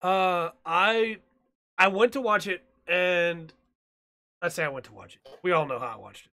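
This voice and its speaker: Bright-voiced man joking around on a podcast. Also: high-pitched, a little slow. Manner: joking, teasing banter. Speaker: podcast co-host. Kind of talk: casual chat.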